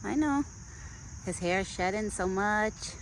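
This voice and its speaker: A vlogger feeding a deer outdoors, switching between soft, sing-song baby talk to the animal and relaxed, chatty asides to the viewer. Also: mid-range voice, measured pace, a little hiss or hum. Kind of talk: casual vlog narration mixed with talk to an animal. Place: outdoors in a rural yard. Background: crickets and faint outdoor ambience.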